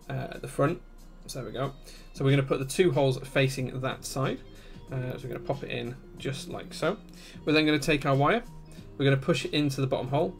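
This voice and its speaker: A man hosts a live build stream, explaining each step methodically and breaking off to answer chat. His medium-pitched voice has a gravelly texture, and soft music plays faintly behind him.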